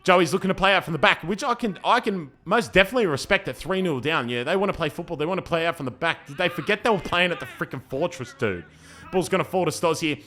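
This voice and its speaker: A young man giving playful, joking commentary over his own amateur football match, breaking into excited shouts. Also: fairly high pitch, fast. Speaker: football commentator and team player.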